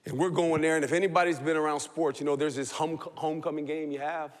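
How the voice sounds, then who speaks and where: A man, a football coach, telling a lively story on a talk show and laughing as he goes. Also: fairly high pitch, fast. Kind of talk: animated anecdote on a TV talk show. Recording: long hall reverb.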